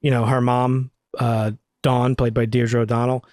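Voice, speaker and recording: A man chatting casually on a film review podcast, swearing freely and getting animated when he tells stories. His voice sits in a middle pitch. The sound is dry and close, with no room echo. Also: moderate pace. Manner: profane, animated storytelling. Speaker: podcast co-host.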